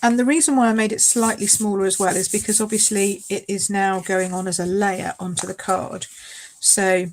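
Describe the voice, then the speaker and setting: A woman's voice: mid-range voice, fairly even intonation, normal speed. A woman demonstrating card making in a live craft tutorial. She chats casually, often apologises and laughs along the way.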